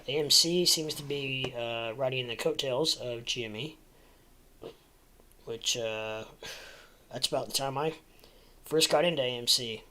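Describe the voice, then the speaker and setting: A man at an average pitch hosts a casual crypto livestream. He rambles from one thought to the next, leaning on fillers and restarting his sentences. His asides are chatty and jokey. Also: pushed and bright, a little hiss or hum, low-quality recording.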